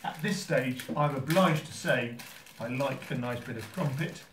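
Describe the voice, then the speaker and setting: A man hosting a how-to video from a holiday home kitchen, talking in a dry, mock-serious, gently teasing way. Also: medium pitch, a little slow, reverberant, recorded from a distance, a little hiss or hum. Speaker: host. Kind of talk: deadpan comic how-to video.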